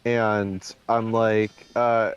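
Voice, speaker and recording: A man's voice: lowish voice, level tone, very slow, clean tone, highs cut off. A man in a casual chat who tells a rambling anecdote full of fillers and acts out what people said. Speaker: co-host.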